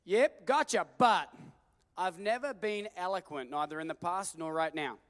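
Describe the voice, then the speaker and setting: A man's voice: high-pitched, moderate pace, big-room sound, close to an everyday voice. A man doing a hesitant, excuse-making Moses. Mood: excusing.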